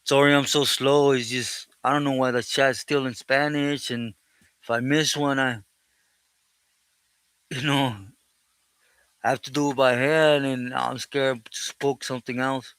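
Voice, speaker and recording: A man with a smooth, resonant voice hosts a casual live stream, reading out his chat and greeting each viewer by name. He drifts between English and Spanish and keeps thanking God. The sound is dry and close, with no room echo. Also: medium pitch, little pitch movement, measured pace, pauses often, a bit bright. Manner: thankful, often praises God. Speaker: livestream host reading chat.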